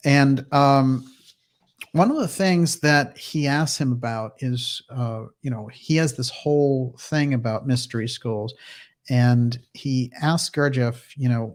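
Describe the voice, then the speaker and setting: A man hosting a livestream, telling a story in a loose, chatty style with quick laughs and restarts. His voice sits at an ordinary middle pitch for a man. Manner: conversational fillers and restarts. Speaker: host. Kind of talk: livestream commentary and reading.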